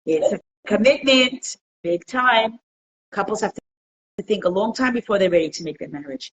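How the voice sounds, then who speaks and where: This woman teaches a religious class at a community centre, bringing stories to life and asking the class questions as she goes. She speaks at a medium pitch and moderate pace over lo-fi audio with a little background noise.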